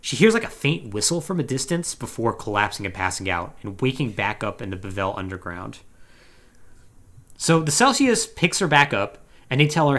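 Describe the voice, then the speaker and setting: A man hosting a podcast, casually retelling a video game story with lively paraphrased quotes and quick self-corrections. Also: medium pitch. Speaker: podcast host.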